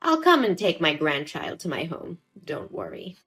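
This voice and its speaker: A woman's voice: low-pitched, huge pitch swings, normal speed, a bit bright, soft background music, full character voice. A woman voicing a scheming, cold-hearted older mother-in-law who talks with scorn and dismissiveness, in a dramatized story. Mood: contemptuous.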